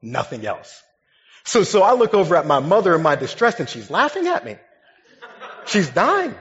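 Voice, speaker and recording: A young man, a pastor, gives a sermon built on a funny childhood story, talking in a relaxed, conversational way. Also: a little high, a little fast. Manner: humorous, conversational, lively storytelling. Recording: dull sound with long hall reverb.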